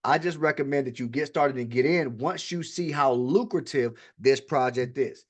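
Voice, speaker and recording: Fast-talking man giving a hype sales pitch. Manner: repeats "ladies and gentlemen" and "all right". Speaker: webinar presenter. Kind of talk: live online sales pitch.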